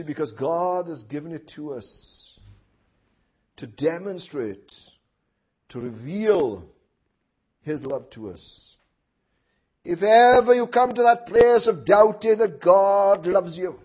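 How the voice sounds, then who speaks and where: A man preaching a sermon who swings from hushed asides to loud impassioned outcries, with many rhetorical questions to his listeners. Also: high-pitched. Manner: tag questions and rhetorical questions to the congregation. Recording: dull lo-fi recording.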